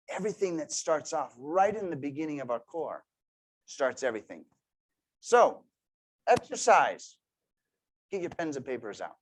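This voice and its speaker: Guy in his 30s doing a pep talk, storytelling, goes quiet then suddenly loud. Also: fairly high pitch, normal speed. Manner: energetic, storytelling, swings from quiet asides to loud bursts. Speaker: motivational speaker. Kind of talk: motivational talk to a team.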